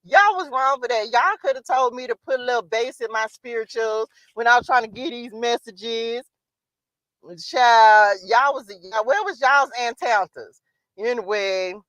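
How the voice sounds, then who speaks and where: Brief: chatty woman tarot streamer, higher voice, laughs often, dry close mic. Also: a little slow, no room sound. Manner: animated, laughing, chatty, addresses viewers as y'all. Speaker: tarot reader and livestream host. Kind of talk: casual livestream chat.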